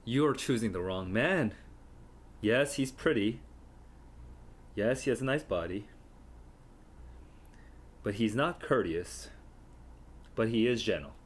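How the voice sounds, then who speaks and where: A man's voice: fairly low pitch, expressive, takes it slowly, pauses often. A man reading aloud as a weary, teasing old nurse who complains and stalls.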